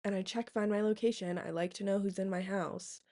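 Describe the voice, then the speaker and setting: A woman's voice: medium pitch, a little fast. A young adult woman recounting a personal story in a casual diary vlog, talking animatedly, saying "like" a lot and acting out quotes. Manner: animated retelling, heavy use of "like", acting out quotes. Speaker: diary vlogger.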